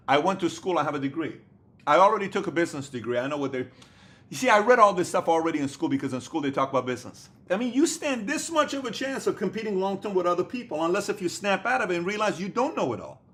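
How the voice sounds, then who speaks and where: A man delivering a motivational talk on business with a somewhat high voice. He hammers his points through repetition and slips into quick acted-out exchanges with imagined people. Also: expressive, fairly bright tone. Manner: emphatic, repetitive, acts out imagined conversations. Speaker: motivational speaker.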